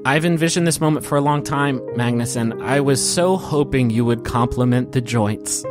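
A man voicing a gentle, loving woman who is a skilled carpenter, teasing and unhurried. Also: medium pitch, over music, close to an everyday voice. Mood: tender.

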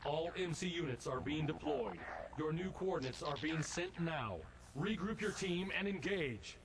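A man's voice: a little high, expressive, moderate pace, over a noisy crowd, lightly acted. Man as stern military commander. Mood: urgent. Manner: clipped, urgent briefing. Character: stern military commander issuing battle orders.

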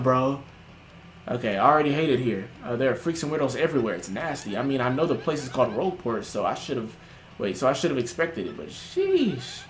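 Young man joking loudly over a game. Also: medium pitch, expressive, moderate pace. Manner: loud, joking reactions with slang and frequent laughs. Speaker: gaming streamer. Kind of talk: casual let's-play commentary. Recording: roomy with music in background.

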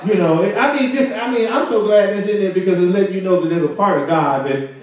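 A male pastor with a high-pitched voice talks fast, preaching a conversational sermon that draws call-and-response from the congregation and frequent laughter. He's in a church sanctuary with noisy surroundings, and the distant mic picks up a very echoey room.

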